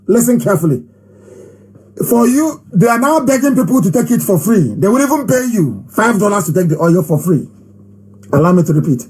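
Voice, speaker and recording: A man giving an impassioned live broadcast address, emphatic and repetitive, hammering phrases with long pauses. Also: sits high, sing-song, darkish tone, slightly rough, rough recording. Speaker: movement leader hosting a live broadcast.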